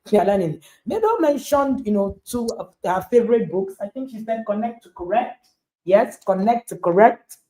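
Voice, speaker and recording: A woman with a warm, medium-pitched voice is very animated yet keeps a normal speed. She's a parenting coach hosting a video call and delivering an emphatic motivational talk with rhetorical questions.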